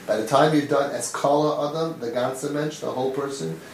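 A man giving an animated Torah lecture, firing rhetorical questions and acting out little dialogues. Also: medium pitch, a little fast. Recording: echoey room, voice from a distance, faint noise.

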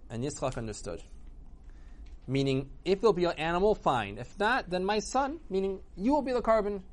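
A man retelling a religious story for children in an animated way, acting out the characters. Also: high voice, moderate pace.

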